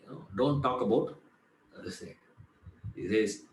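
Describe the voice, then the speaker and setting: Male teacher, mid-pitched, chatty lecture style, roomy echo. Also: measured pace, slight background noise. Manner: conversational, repeats "you know", asks rhetorical questions and answers them. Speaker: Vedanta teacher. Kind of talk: spoken class lecture.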